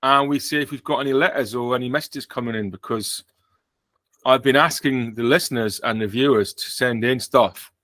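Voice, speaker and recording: A man's voice: medium pitch, normal speed, a bit bright, dry recording. A British man hosting a podcast in casual chat, joking and rambling with frequent self-corrections. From Britain. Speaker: podcast host.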